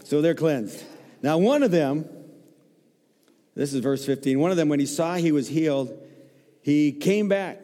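Animated joking preacher in a reverberant hall. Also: male voice, a little high, normal speed, long pauses. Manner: animated, joking storyteller, acts out voices. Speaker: guest preacher. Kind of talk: sermon. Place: church sanctuary.

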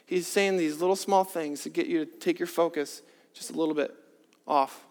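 A man preaching a sermon, earnest, moving from hushed, drawn-out points to emphatic rhetorical questions. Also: a little high, fairly even intonation. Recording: long reverb of a large hall.

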